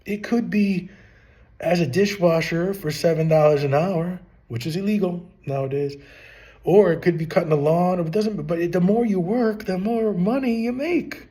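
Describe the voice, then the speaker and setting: A man's voice: high voice, moderate pace, mellow. A middle-aged man talking casually to camera, rambling and full of rhetorical questions. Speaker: channel host giving business advice. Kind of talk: casual advice monologue.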